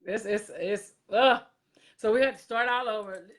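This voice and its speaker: A woman's voice: mid-range voice, normal speed, slight background noise. A woman hosting a casual live-stream talk show, chatty, laughing often and exasperated at technical glitches, talking into a computer mic.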